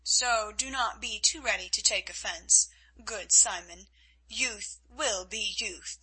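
A woman's voice: mid-range voice, slow pace, bright, forceful tone, husky, full character voice, poor audio. A woman reading the part of a cold, mocking male Spanish officer in an audiobook, speaking in a coolly commanding way.

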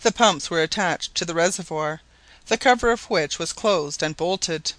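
A man narrating an adventure novel aloud in a steady, clear reading. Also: fairly high pitch, normal speed, dry recording. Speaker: audiobook narrator. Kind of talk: scripted narration.

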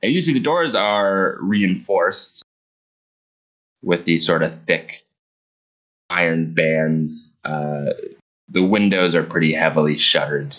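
Deep-voiced man as game master. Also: slow pace, pauses often, a bit bright, low-quality recording. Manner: loose, filler-heavy description. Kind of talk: narrating a tabletop game.

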